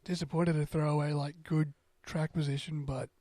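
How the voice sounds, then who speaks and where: An upbeat man chatting on a podcast, quick to agree and jump in. His voice sits a touch higher than most men's. The sound is dry and close. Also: little pitch movement, dark tone, dry recording. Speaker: podcast co-host. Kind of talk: casual chat.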